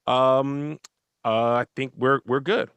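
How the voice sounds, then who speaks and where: A man's voice: mid-range voice, fairly even intonation, slow pace, fairly bright tone, clean tone, no echo. Playful man hosting a talk show. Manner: playful, loose, joking. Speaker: host.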